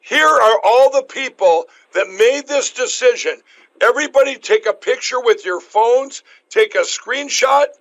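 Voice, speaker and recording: A man hosting a talk show, talking in a rambling, emphatic way with many restarts, his voice going hoarse. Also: extremely high pitch, lively intonation, a little slow, fairly bright tone, low-quality recording. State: losing his voice. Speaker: show host. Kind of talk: casual talk show chat.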